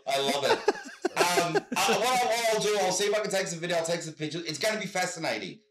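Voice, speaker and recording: A middle-aged man, a guest telling stories in animated, casual chat over a video call, swearing freely. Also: high-pitched, quick pace, echoey room, over a noisy crowd.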